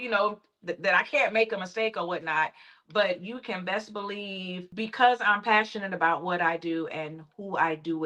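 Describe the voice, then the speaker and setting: Bright, confident woman choir director; emphatic and self-assured in conversation. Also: fairly low pitch, low-quality recording. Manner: emphatic, confident, faith-centered. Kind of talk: casual interview talk.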